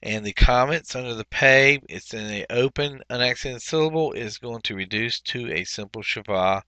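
A man teaching a Biblical Hebrew workbook lesson, explaining methodically step by step and pausing often with fillers. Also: mid-range voice, pushed and bright, no echo. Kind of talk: recorded workbook walkthrough lesson.

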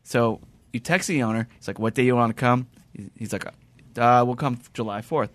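A man's voice: mid-range voice, normal speed, no room sound. A man hosting a casual chat, telling a long story with many restarts and acted-out quotes. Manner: rambling, animated, lots of restarts and quoted dialogue. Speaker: podcast host.

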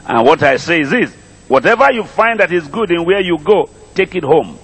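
A man's voice: on the high side, expressive, moderate pace, big-room sound, a little hiss or hum. A middle-aged man with a Nigerian accent, preaching a sermon, drawing calls and responses from the congregation and repeating his phrases. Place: church congregation.

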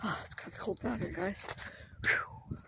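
A man with a high, gravelly voice rambles to his viewers in a casual walking vlog. He is outdoors on a neighborhood street, filmed on a handheld phone. Clear background noise runs through the outdoor recording. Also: wildly swooping pitch, measured pace. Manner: rambling, chatty, talks straight to viewers. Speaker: vlogger. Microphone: phone camera held while walking.

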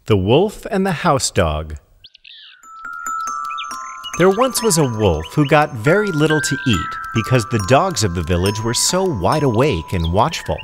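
A man narrates a children's fable with a gentle, expressive reading. His pitch rises and falls freely. Loud background music plays under his voice the whole time. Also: a little slow. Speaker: storyteller.

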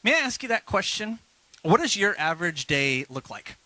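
A male pastor preaching a lively sermon at a church service, urging the congregation to repeat phrases after him. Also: high-pitched, moderate pace, dry recording, low-quality recording.

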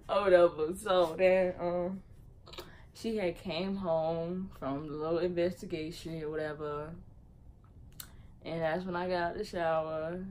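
A young woman vlogger telling a story in casual slang, her voice swinging loud and high as she laughs and mimics people. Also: steady tone, a little slow, rough recording.

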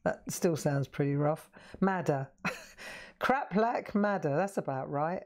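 A woman's voice: deep voice, takes it slowly, a little mellow. A woman hosting a live coloring demonstration, chatting and asking viewers questions as she works. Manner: chatty, asks viewers questions, laughs often. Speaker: craft show host.

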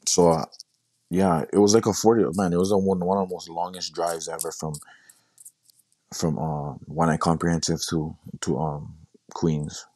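A young man casually telling a personal story in a halting way, often repeating himself and quoting what he said. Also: deep voice, little pitch movement, darkish tone, dry recording. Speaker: guest sharing his story.

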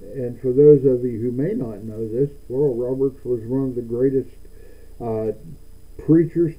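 A man preaching a sermon as pastor, often stammering and repeating words, building to emphatic declarations. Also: mid-range voice. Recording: tinny phone-like sound.

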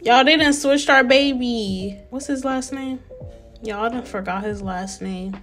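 A young woman giving casual, animated let's-play commentary and talking straight to her viewers. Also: fairly high pitch, unhurried, faint music behind. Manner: chatty, animated, talks to viewers as y'all. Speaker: gameplay narrator.

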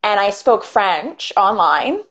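A woman's voice: medium pitch, big pitch swings, a bit bright. A woman from Ottawa, a YouTuber guest, chatting casually with lots of "like" and fillers over a video call. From Canada, Ottawa. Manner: chatty, fast, filler-heavy with frequent "like". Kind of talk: casual chat. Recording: dull lo-fi sound.

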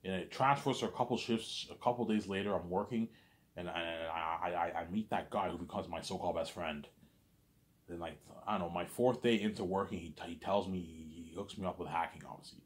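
A man's voice: sits low, a little fast. A young man casually telling a long made-up story, rambling and repeating the same filler phrases. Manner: rambling, repeats "you know what I'm saying".

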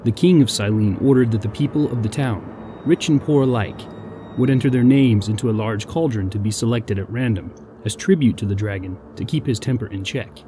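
A man narrating a legend as a podcast storyteller in an even, scripted delivery. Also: mid-range voice, brisk, a little hiss or hum.

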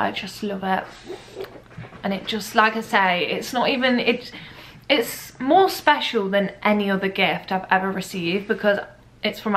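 A woman's voice: mid-range voice, heavy background noise. A young woman chatting casually to camera at home, gushing and rambling with lots of "like"s. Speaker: vlogger. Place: at home, kitchen.

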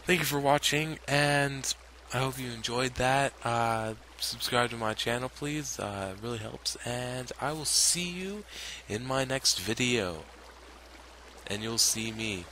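A man's voice: medium pitch, a little slow, sharp tone, a little hiss or hum. A man hosting a let's play at home at night, muttering to himself, dropping to whispers and bursting into frustrated cries. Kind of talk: gaming commentary.

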